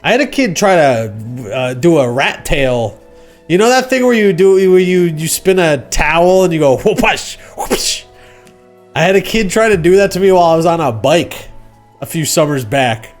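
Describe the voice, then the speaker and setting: A man hosting a casual livestream, rambling and joking, acting out quoted shouts. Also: fairly high pitch, very animated, moderate pace, faint music behind. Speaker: livestream host.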